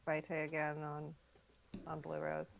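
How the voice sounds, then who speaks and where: A woman's voice: low voice, monotone, a little slow, gravelly, crowd noise. A woman playing a tabletop game in casual chat, hesitant and often checking the rules. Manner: hesitant, asking rules questions. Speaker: player.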